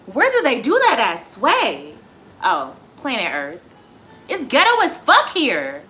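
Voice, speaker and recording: A woman's voice: a little high, wildly swooping pitch, takes it slowly, pushed and bright, faint music behind. A woman in her twenties, a tarot reader chatting live to her viewers in a casual, profane, heated rant. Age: 20s. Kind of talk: casual livestream chat.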